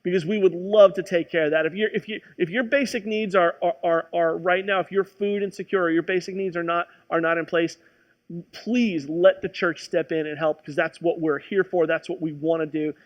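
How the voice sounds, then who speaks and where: A man's voice: high voice, steady tone, moderate pace, lo-fi sound. A man preaching a sermon as a pastor, telling a personal story in a conversational way with frequent restarts.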